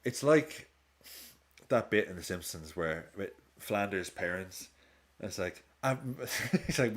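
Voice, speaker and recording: A man's voice: sits low, expressive, measured pace. A man with a casual, rambling manner, chatting and laughing often as he hosts a live football watch-along stream.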